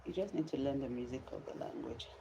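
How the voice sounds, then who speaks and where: A woman's voice: very deep voice, fast, dark tone, a little hiss or hum, rough recording. A tired woman vlogger chatting casually on a livestream, pleading with viewers and drawing out her words.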